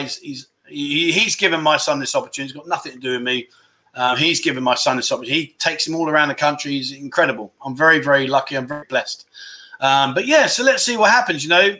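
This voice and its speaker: Chatty, bright-voiced host. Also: male voice, fairly high pitch, fast. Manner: chatty, self-deprecating, rambling. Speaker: livestream chat show host. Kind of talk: casual livestream chat reading viewer comments.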